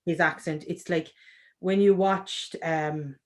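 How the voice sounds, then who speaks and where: A woman's voice: fairly low pitch, takes it slowly. Chatty Irish woman on a video call. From Ireland. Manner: chatty, animated, restarts often. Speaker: author guest. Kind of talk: casual video-call interview.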